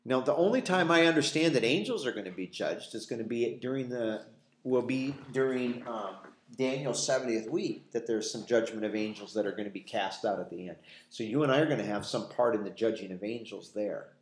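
A man's voice: medium pitch, fairly quick, a little hiss or hum. Folksy man teaching Bible study, echoey room. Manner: folksy, asks rhetorical questions, acts out quoted dialogue.

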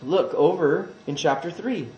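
A man preaching a sermon, swinging from quiet asides to loud, emphatic scripture reading. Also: a little high, unhurried, roomy sound, muffled recording.

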